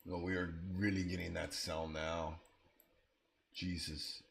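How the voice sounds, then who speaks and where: A man's voice: low voice, little pitch movement, slow pace, vocal fry, fairly bright tone, a little hiss or hum. A man hosting a live trading stream. He talks casually, thinking aloud about his trades while answering viewers in chat. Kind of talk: live-stream market commentary.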